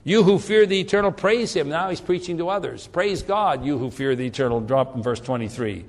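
A man preaching a sermon, reading scripture aloud with slow, emphatic stress and often repeating words as he works through the text. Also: fairly high pitch. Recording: long hall reverb.

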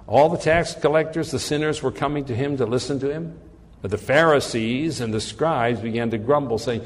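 Man, preacher, earnest sermon, stumbling repeats, somewhat high voice, reverberant hall. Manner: earnest, repeats words while searching for phrasing.

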